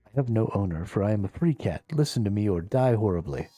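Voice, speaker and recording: A haughty stray cat that talks down to humans and calls them names, as a man puts it on. The voice sits a little high with a mellow tone and sounds dry and close, with faint music underneath. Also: animated, quick pace, no room sound. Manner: haughty, scolding, insulting. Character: bossy, snarky free stray cat, male. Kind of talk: reading game dialogue aloud on a live stream.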